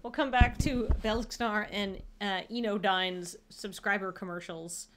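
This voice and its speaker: A woman co-hosting a stream aftershow in casual chat, with joking, quick asides. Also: mid-range voice, steady tone, fairly bright tone, slight background noise. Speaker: stream co-host.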